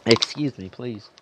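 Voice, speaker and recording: A man preaching a sermon, now and then clearing his throat and singing slow gospel lines. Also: medium pitch, noisy background. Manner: preaching, breaks into slow gospel singing, calls listeners beloveds. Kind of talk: sermon with sung gospel passages.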